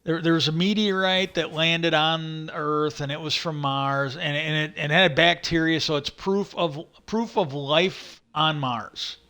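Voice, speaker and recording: A man's voice: on the high side, fairly even intonation, unhurried, few pauses, bright, forceful tone. A middle-aged man hosting a livestream, telling a long, meandering story in casual chat and acting out the people he quotes. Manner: meandering, acts out quoted voices animatedly. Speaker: livestream host.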